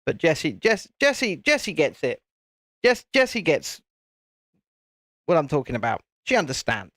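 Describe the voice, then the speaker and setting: A man's voice: on the high side, huge pitch swings, measured pace, a bit bright, no echo, studio quality. A man hosting a live stream, chatting casually and rambling while he builds a set, with the odd casual swear. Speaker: channel host.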